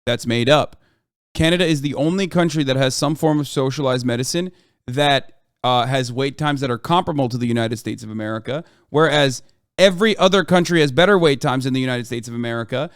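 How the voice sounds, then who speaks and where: A man's voice: mid-range voice, a little fast, clean tone, no echo, clean studio sound. A live streamer man giving heated political commentary, arguing bluntly and swearing freely.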